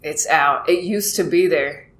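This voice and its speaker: A woman's voice: sits low, unhurried, fairly bright tone. Chatty woman in an echoey room. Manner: chatty, self-deprecating, acts out quoted exchanges. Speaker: comedian podcast host. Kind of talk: casual rambling monologue. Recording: echoey room with faint noise.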